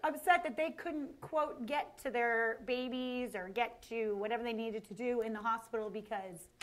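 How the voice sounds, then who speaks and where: Young female co-host, high voice, playful mock-serious banter. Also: normal speed. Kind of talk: comedic topical banter.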